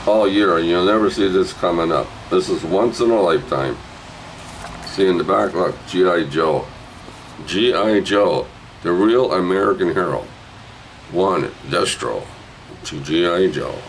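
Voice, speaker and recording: A man rambling through a jokey casual sales pitch for a comic book, dropping to low mutters and jumping up to loud hype. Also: a little hiss or hum, rough recording. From Canada. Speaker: vlogger auctioning a comic book.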